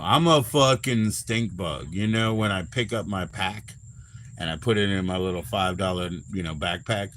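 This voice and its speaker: Male host, 40s, casual stream chat, profane and rambling, low voice, faint night ambience. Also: pushed and bright, slight background noise. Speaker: livestream host.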